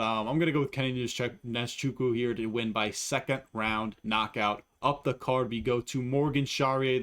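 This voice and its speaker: A man's voice: medium pitch, a bit bright. Profane, rambling fight-picks guy. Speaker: MMA fight analyst. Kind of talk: casual fight predictions.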